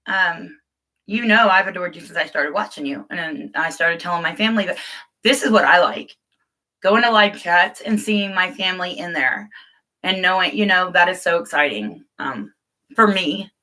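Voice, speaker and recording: Chatty woman on a bright live stream. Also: on the low side, moderate pace. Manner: chatty, rambling, laughs often, greets viewers by name. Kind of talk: casual live chat.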